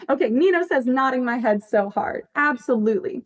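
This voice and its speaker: A woman's voice: high-pitched, lively intonation, normal speed. A woman chatting casually on a livestream, emphatic, swearing freely and laughing often as she answers her chat. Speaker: fanfiction writer on a livestream.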